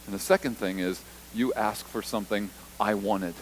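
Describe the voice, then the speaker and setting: A man's voice: on the low side, normal speed, slight background noise, poor audio. A man preaching a sermon in a church, talking conversationally, repeating points for emphasis, and acting out quoted lines. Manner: acts out the disciples' and Jesus's lines in short quoted voices. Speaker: pastor.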